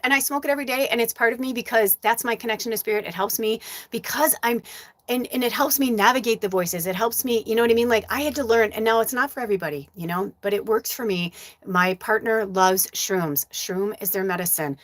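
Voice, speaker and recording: A woman's voice: a little high, quick pace, no echo. A woman hosting a live show as a psychic medium, talking frankly and with plenty of swearing as she tells a personal story. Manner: candid, profane, animated storytelling. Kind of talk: casual livestream talk.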